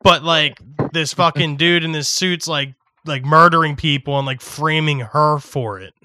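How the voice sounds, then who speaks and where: Bright-voiced young man, casual swearing chat. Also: on the high side, measured pace. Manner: swears a lot, loud when acting out yelling.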